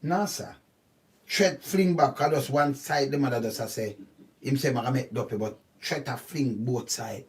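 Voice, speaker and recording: A man with a Jamaican accent giving casual, animated commentary on a news story, often stopping to ask "see?". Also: medium pitch, normal speed. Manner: animated, repetitive, keeps asking "see?". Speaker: channel host. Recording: voice distant from the mic.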